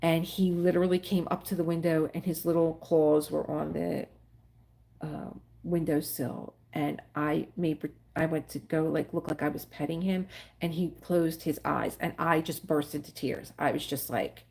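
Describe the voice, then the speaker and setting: A middle-aged woman hosts a casual livestream, talking freely to her viewers. Her voice sits a little low, and she rambles from one story to the next, quick to get emotional. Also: gravelly, a little mellow. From Philadelphia area. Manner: rambling, chatty, emotional about animals. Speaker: livestream host. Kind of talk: casual chat with live viewers.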